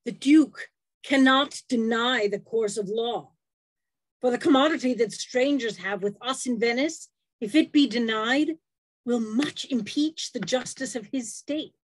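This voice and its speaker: A woman reading the part of a weary male merchant in an unrehearsed play reading, measured and grave. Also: on the high side, no room sound, poor audio.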